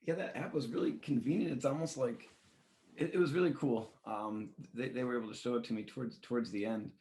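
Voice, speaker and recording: A man's voice: mid-range voice, steady tone, brisk, dark tone. A man hosting a casual podcast, upbeat with stumbling restarts. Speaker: podcast host.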